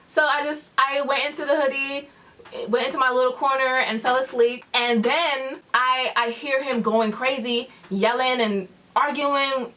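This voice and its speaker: A woman's voice: high-pitched, pushed and bright. A young woman vlogger telling a story, acting out what her friends said. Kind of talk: storytime vlog. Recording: voice a bit far from the mic.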